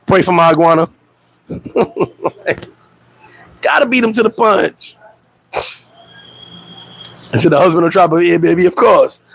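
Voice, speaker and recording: A man hosting a casual livestream chat, animated and laughing, telling stories with profane street slang and acting out quotes in high voices. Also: slow pace, gravelly, pauses often, slight background noise, low-quality recording. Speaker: host. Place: Dominican Republic.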